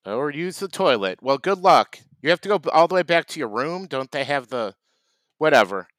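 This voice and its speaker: A man improvising a comedy sketch as a food vendor, deadpan. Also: on the high side, moderate pace, dry recording. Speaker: comedy podcast host.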